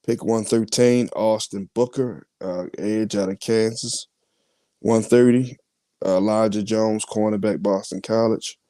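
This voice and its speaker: Low, dark-voiced man listing picks. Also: no echo. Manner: halting, many fillers and coughs. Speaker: podcast host. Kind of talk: casual chat reading mock draft picks.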